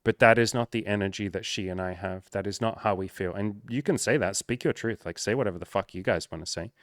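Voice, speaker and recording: A man's voice: fairly low pitch, quick pace, no room sound. A young man speaking candidly and emotionally to camera, swearing freely and close to tears. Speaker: coach and content creator. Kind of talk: emotional personal talk to camera.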